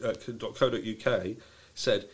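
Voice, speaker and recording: A man's voice: fairly low pitch, normal speed. A man co-hosting a podcast in casual chat, reading out listener letters with wry quips. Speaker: podcast co-host.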